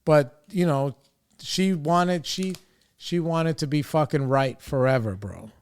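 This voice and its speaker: A man's voice: a little high, slow pace, clear, resonant tone. A young man hosting a podcast, telling a frustrated story in a casual, profane way and quoting others in his own voice. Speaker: podcast host.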